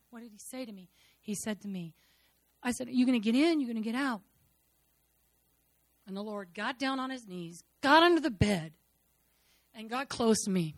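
A woman's voice: a little high, dry recording. Fervent woman giving church testimony. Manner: fervent, repetitive, swings between loud declarations and hushed murmurs. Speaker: speaker sharing a personal testimony.

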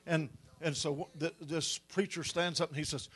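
Male preacher, middle-aged, sermon storytelling, fairly high voice, builds to loud peaks. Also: normal speed, hardly any pauses, slightly rough. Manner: animated storyteller, rising to loud climaxes.

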